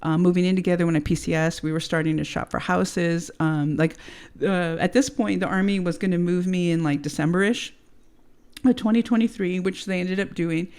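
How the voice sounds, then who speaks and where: A woman's voice: on the low side, steady tone, fairly quick, darkish tone, smooth. A woman in her thirties from the United States, casually recounting a personal story with lots of fillers, swearing and "right?". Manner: casual, profane, many fillers and rhetorical "right?". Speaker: podcast guest telling her story. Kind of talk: candid storytelling chat.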